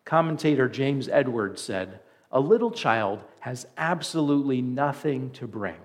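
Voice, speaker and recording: A man's voice: mid-range voice, very animated, unhurried. A man preaching a sermon as pastor, earnest and conversational, with emphatic repeats.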